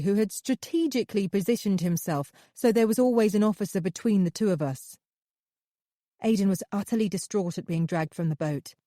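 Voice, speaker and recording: A woman narrating a thriller audiobook in the first person, with steady, measured storytelling. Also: medium pitch, dry recording, studio quality.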